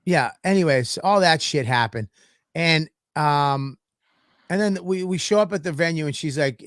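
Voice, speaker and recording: A man's voice: a little high, moderate pace, fairly bright tone, dry recording, clean studio sound. A man co-hosting a podcast, telling a story in a profane, ranting way. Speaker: podcast co-host. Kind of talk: casual podcast chat.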